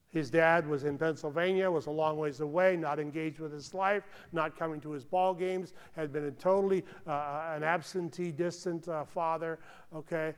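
A man's voice: a little high, steady tone, moderate pace, smooth. Earnest preacher man in a reverberant hall. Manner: earnest, conversational, frequent "okay?" check-ins, drops to hushed tones. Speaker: pastor. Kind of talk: sermon.

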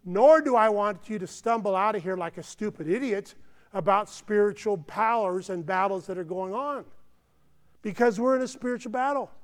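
A man preaching a sermon as pastor, earnest and emphatic, often tossing in "okay" asides. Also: high-pitched. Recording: long hall reverb.

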